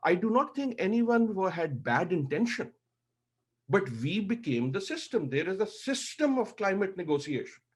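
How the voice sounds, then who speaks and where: A man's voice: sits high, very animated, normal speed, slightly rough. A middle-aged man giving impassioned panel remarks, emotional and emphatic, hammering points through repetition.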